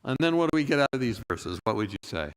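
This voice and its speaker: A man's voice: mid-range voice, big pitch swings, fast talker, smooth. A man preaching a sermon, telling a personal story and acting out the dialogue, then rising to emphatic moments. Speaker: pastor. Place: church.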